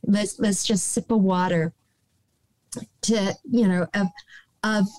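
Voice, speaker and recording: An older American woman, a guest on a podcast, gives calm advice in a slow, gentle, soothing way, often restarting and saying "you know", and sometimes dropping to a soft whisper. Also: medium pitch, dry recording, low-quality recording. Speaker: guest, nonprofit director.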